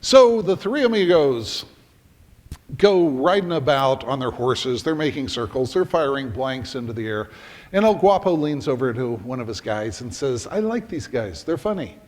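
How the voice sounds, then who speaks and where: A middle-aged man preaching a sermon as a pastor, telling a story in an animated way and acting out the scenes. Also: mid-range voice, moderate pace. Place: church sanctuary. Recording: reverberant church hall.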